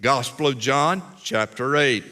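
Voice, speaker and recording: A man's voice: mid-range voice, a little slow, bright, forceful tone. A man preaching a sermon as pastor, emphatic and fond of repeating phrases for weight.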